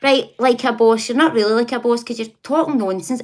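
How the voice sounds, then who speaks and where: A woman's voice: a little high, fairly quick. A woman hosting a casual livestream, chatting, laughing often and talking back to her viewers. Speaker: livestream host.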